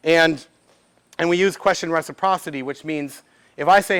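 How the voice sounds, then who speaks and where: A man speaks at a business event. He talks to a live audience in a lively way. He acts out little snippets of conversation and throws questions to the room. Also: on the high side, moderate pace, clean tone. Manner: lively, quotes made-up dialogue with audience questions. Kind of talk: live workshop talk.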